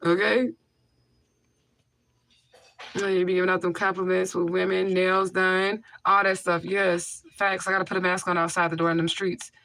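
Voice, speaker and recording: A woman's voice: on the low side, flat delivery, normal speed, vocal fry, a bit bright, no room sound. A woman hosting a casual livestream, blunt and repetitive for emphasis, answering viewer comments into a mic with a homemade tissue filter. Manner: blunt, repeats herself for emphasis. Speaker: livestream host.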